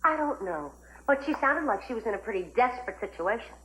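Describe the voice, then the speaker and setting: A spiteful schemer who taunts and gloats, her slightly high voice swinging widely. A 1980s TV soap drama. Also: expressive, quick pace, bright, forceful tone, rough recording. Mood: gloating. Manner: sneering, taunting.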